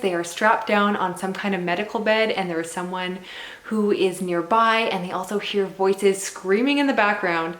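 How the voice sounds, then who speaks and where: A young woman vlogging about what she is reading, casual and animated, with strong reactions. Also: medium pitch, echoey room. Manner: animated, exasperated ranting. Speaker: book vlogger.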